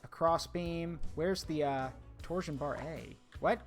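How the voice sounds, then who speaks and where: A man's voice: fairly high pitch, slow pace, soft background music. A man streaming a game, chatting casually with his viewers as he works. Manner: chatty, talks to chat while working, hums tunes. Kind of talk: casual gameplay commentary.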